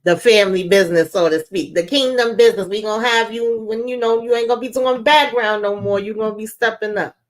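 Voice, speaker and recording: This is a livestream host deep in casual chat about a TV episode, medium-pitched and easygoing. The host talks freely and slips into acted-out quotes with a laugh. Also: fairly even intonation, a little fast, hardly any pauses. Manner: chatty, acts out quotes with laughs.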